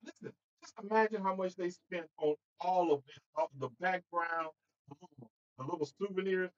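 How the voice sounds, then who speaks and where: A man hosting a casual political livestream, talking straight to his viewers in an animated way and laughing between points. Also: high voice, normal speed, muffled recording. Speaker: host.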